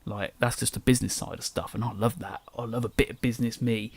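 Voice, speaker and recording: A young English man who drops his T's chats through his solo podcast, rambling and correcting himself as he goes. His voice has a gravelly fry to it and comes quickly. The sound is dry and close, with no room around it. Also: lowish voice, fairly even intonation, no echo. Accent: English, dropped T's. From England. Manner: rambling, self-correcting, chatty. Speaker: podcast host. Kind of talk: casual solo podcast chat.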